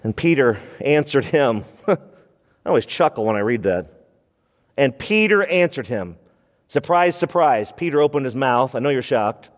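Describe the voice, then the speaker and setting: A male pastor preaching a sermon, expressive, slowing down to stress words and acting out scripture quotes. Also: mid-range voice, long reverb tail.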